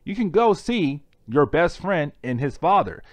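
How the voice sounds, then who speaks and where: A man's voice: fairly high pitch, sing-song, a little slow, dry recording. A man putting on a kindly elderly aunt. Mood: permissive.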